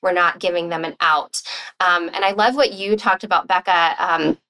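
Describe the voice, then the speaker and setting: A woman's voice: fairly low pitch, steady tone, normal speed, sharp tone, poor audio. A woman sleep consultant talking in a podcast conversation, reassuring and chatty with frequent fillers.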